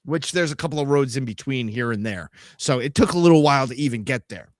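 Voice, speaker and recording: A man's voice: medium pitch, expressive, fast talker, no room sound, clean studio sound. A middle-aged man co-hosting a podcast, telling a road-trip story casually, swearing and making sound effects. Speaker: podcast co-host.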